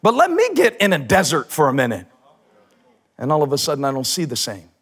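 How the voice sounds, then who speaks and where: High, lively male preacher. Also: brisk, slightly rough. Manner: animated, shouts for emphasis, joking asides. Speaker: pastor. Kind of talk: sermon. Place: church stage.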